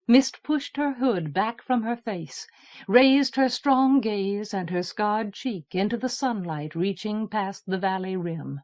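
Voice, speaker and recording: Slow, measured woman narrator. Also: mid-range voice, darkish tone. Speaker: audiobook narrator. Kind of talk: scripted narration.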